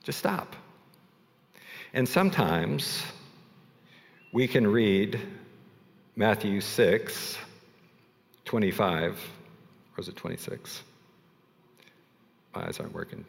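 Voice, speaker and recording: A man preaching a sermon in a low voice, easygoing and conversational as he tells stories to his congregation. His words ring with the long reverb of a large church sanctuary. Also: animated, slow, gravelly, long pauses. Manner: conversational, storytelling, self-deprecating asides. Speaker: pastor.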